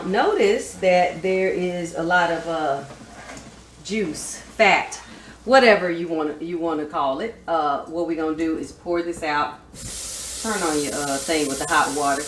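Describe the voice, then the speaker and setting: A woman's voice: fairly low pitch, measured pace, a little hiss or hum. A woman hosting a casual home cooking demonstration, chatting straight to her viewers as she works at the stove. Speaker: home cook host. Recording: echoey kitchen with frying sizzle.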